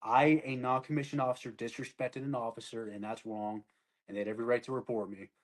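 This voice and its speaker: A man's voice: medium pitch, fairly even intonation, quick pace. A man in his twenties, an army sergeant, telling his story casually and bluntly, with plenty of swearing and acted-out lines from others. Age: 20s. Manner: blunt and profane, acts out other people's lines.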